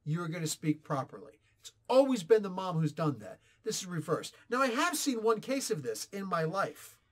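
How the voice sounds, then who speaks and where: Ranting man in his forties, higher voice. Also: moderate pace. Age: 40s. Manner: animated, ranting, sarcastic asides. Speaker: comic book reviewer. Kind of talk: casual opinionated review.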